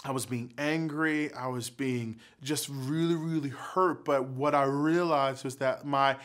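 A man's voice: medium pitch, fairly bright tone. A man giving an earnest youth sermon as a youth pastor, repeating words as he builds intensity, then leading a prayer. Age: adult father.

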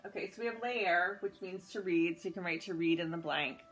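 A woman teaches a Spanish grammar guided-notes lesson, patiently spelling words letter by letter, with some fillers and self-corrections. Her voice is fairly low and a bit bright, she talks a little fast, and the recording quality is low.

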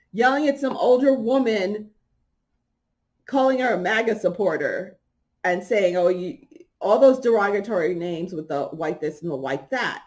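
Animated middle-aged woman telling a story. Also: medium pitch. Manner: animated, laughs often, acts out quoted people. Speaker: podcast host. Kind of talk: casual storytelling.

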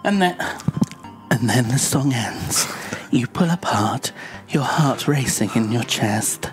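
A man playing through a story game, reading its text and joking about it in a lively, up-and-down voice. He talks unhurriedly and sometimes drops into a hushed mock narration, with faint game music underneath. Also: medium pitch, takes it slowly. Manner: playful, jokey, slips into hushed mock-ASMR narration. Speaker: let's play host.

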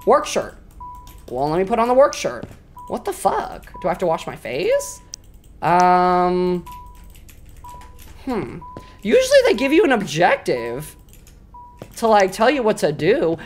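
A woman streamer casually narrating a game, talking to her chat with profane, excitable outbursts. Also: medium pitch. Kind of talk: casual let's-play chatter.

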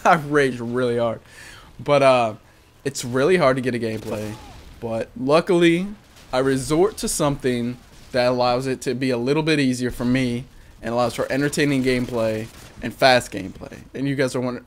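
Young male gamer, mid-pitched, loose and profane, narrating his match with a self-mocking grin. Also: moderate pace. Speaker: gaming commentator. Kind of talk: casual voice-over commentary on gameplay.

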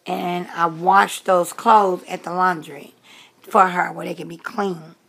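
A woman's voice: on the low side, steady tone, takes it slowly, gravelly, fairly bright tone, slightly rough. A woman in her late fifties chatting casually to camera in a rambling way, with many fillers and restarts. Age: 50s. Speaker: vlogger.

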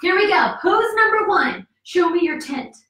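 A woman's voice: very high-pitched, sing-song, moderate pace, bright, forceful tone. A woman teaching a yoga class for kids, coaxing and cheerful, counting moves aloud and a little out of breath. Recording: echoey room, voice from far off.

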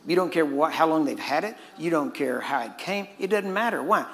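This man's voice sits on the high side, fairly bright, with lively intonation and a slightly quick pace. He tells his sermon as a casual story in a church hall, now and then chuckling at his asides, with echo and faint ambience in the recording.

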